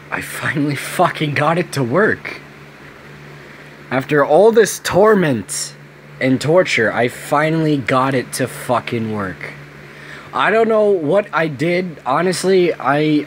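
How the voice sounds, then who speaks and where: A young man making a casual gaming vlog, swearing freely, his voice worn hoarse from screaming with joy. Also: mid-range voice, a little hiss or hum. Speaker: gaming video maker. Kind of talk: excited casual vlog rant.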